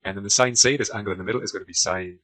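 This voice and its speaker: Racing along in a lowish, slightly bright voice, a tutor with a British accent works through a maths exam problem while sketching on a diagram, peppering his talk with fillers. The recording is low quality.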